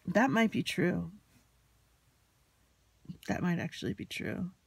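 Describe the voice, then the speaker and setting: Speaking slowly in a low, husky, creaky voice with big swings in pitch, a woman vlogger relives an argument, quoting its dialogue. The recording has no room sound, and her telling is anxious, rambling and confessional, as though she's still emotionally rattled.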